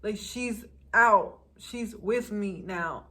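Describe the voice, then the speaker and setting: A young woman vlogger telling a personal story in a candid, animated way. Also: mid-range voice, extremely slow. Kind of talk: story time vlog.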